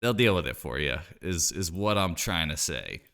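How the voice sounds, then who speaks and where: A man's voice: sits low, lively intonation, normal speed, gravelly, a bit bright. A man streaming live, chatting casually and joking while he plays a card game, rambling with lots of "like" and "you know".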